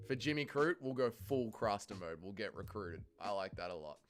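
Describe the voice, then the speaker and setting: A man's voice: on the low side, lively intonation, normal speed, faint music behind. A young Australian man hosting a casual fight-night watch-along, swearing freely and reading chat aloud. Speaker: livestream host.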